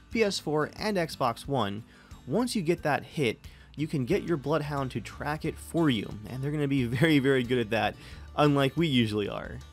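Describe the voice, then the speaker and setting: Guy hosting a game video, chatty and upbeat, mid-pitch voice, faint music behind. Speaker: gaming channel host. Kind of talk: sponsored game video intro.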